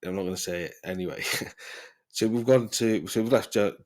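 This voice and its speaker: A man's voice: on the low side, fairly quick, a little mellow. A man telling a rambling, sweary story in casual podcast chat, often breaking into laughter. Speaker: podcast host.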